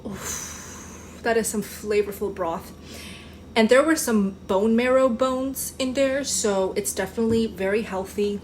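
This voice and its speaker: A woman's voice: a little high, measured pace, darkish tone, a little hiss or hum. A woman food vlogger talking casually to her viewers while cooking, gushing about her food, in a home kitchen on a handheld phone camera.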